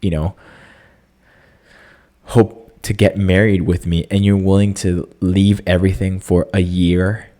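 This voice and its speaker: Young guy rambling on his own podcast, deep voice, loose and jokey, tons of "like". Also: measured pace. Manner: animated, jokey, many fillers, squeaky excited impressions. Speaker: podcast host. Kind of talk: casual solo podcast chat.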